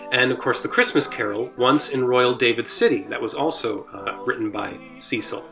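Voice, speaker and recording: A man who leads a church's music ministry, explaining hymn history in a casual, halting way full of "uh" and restarts. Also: medium pitch, creaky, fairly bright tone. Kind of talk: informal hymn history talk.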